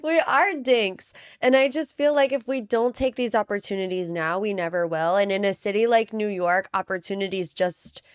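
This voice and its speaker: A woman co-hosts a casual podcast and tells a story in a lively, chatty way. She drops in quick quoted asides as she goes. The sound is dry and close to the mic. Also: medium pitch, smooth, no echo. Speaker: podcast co-host and interviewer. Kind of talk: casual chat.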